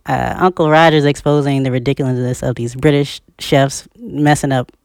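A podcast co-host in a casual discussion, talking in an animated, emphatic way, with the pitch leaping up on key points and frequent laughter. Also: moderate pace, dry recording, studio quality.

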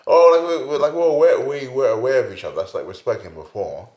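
A man's voice: mid-range voice, fast talker, darkish tone. A young man co-hosting a podcast, telling stories in laid-back, slang-heavy, sweary chat. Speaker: podcast co-host. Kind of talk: casual chat. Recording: roomy echo.

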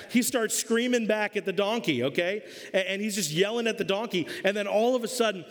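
A male pastor preaching a sermon, telling the story in a lively, humorous way. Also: high-pitched. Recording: long reverb of a church hall.

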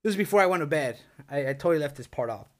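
Talking rapid-fire in a fairly high, animated voice over a noisy background, a young man tells a ghost story on a casual podcast. He rambles and swears, stuffing every sentence with "like" and "dude."

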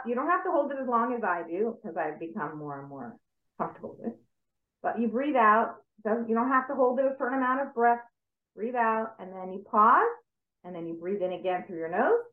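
A woman stress coach calmly guiding listeners through a breathing exercise step by step on a video call. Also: a little high. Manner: calm, step-by-step instructive. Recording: tinny call audio in an echoey room.

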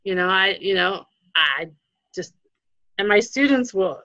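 A woman's voice: medium pitch, expressive, a little slow, sharp tone, no echo. A woman, a guest educator, giving parenting advice in casual talk, earnest, with many fillers and restarts. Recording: dull lo-fi sound.

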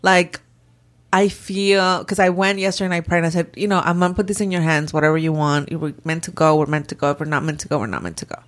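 Woman, 30s, slightly low pitch, chatty, animated storytelling. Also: fast. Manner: animated storyteller acting out quoted voices. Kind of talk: casual chat.

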